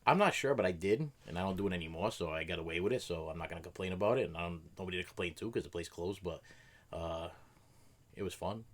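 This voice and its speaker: A middle-aged man with a low, deep voice rambles through a casual chat, stacking fillers and restarts. His talk runs quick, tumbling from one thought into the next. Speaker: react video host.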